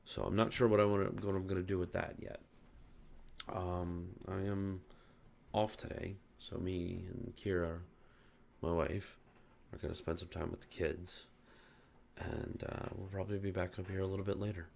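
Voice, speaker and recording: A man's voice: low-pitched, flat delivery, normal speed, vocal fry, darkish tone, a little hiss or hum. A man telling a heated, profane story about a rude customer in a casual vlog, still angry about it. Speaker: gaming channel host.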